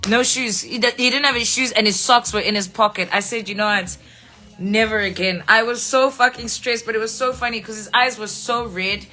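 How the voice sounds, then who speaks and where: A woman's voice: fairly high pitch, a little fast, sharp tone, soft background music. A woman telling a story casually on a phone live stream, swearing freely and acting out her friends' lines. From South Africa. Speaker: livestream host. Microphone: phone mic.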